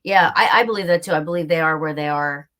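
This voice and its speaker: A woman's voice: low voice, quick pace, a bit bright. A woman hosting an interview, chatting casually with many fillers and restarts. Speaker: podcast host.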